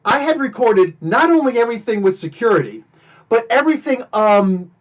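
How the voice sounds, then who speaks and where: High-voiced man telling a story. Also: moderate pace, dull audio. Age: adult, married. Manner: animated, emphatic retelling of a confrontation. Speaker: podcast host. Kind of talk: casual storytelling on a live stream.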